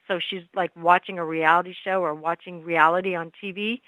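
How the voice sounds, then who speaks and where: A woman's voice: on the low side, steady tone, fairly quick, few pauses, pushed and bright, dry recording, rough recording. A woman guest on a radio interview, telling a story and acting out the people she quotes. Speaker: guest author.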